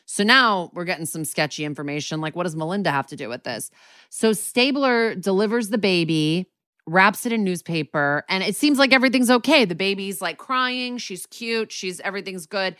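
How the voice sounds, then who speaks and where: A woman's voice: medium pitch, animated, normal speed, a bit bright, smooth, no room sound, clean studio sound. A woman co-hosting a podcast, recapping a TV episode in a chatty, casual way, swearing often and filling in with "like". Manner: chatty, profane, lots of "like". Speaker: podcast co-host.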